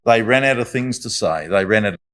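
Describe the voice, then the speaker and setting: A man's voice: on the low side, animated, a little fast, fairly bright tone. A man giving a Bible study talk in a conversational, reflective way, with apologetic asides. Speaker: Bible speaker.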